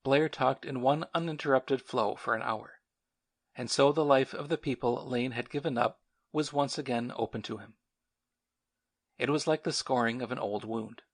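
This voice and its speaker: A man narrating a novel as an audiobook in a measured, sombre manner. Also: mid-range voice. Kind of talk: scripted narration.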